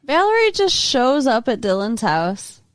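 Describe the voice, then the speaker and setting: Woman, podcast co-host, blunt, incredulous, unhurried drawl, dry close sound. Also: on the high side, sing-song, no echo. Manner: blunt, incredulous, swears freely. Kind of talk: casual recap chat.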